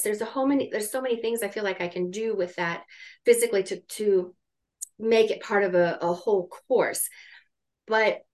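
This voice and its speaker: A middle-aged woman in a live coaching session, speaking earnestly and urgently and thinking aloud as she works out her ideas. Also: medium pitch. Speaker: coach in training.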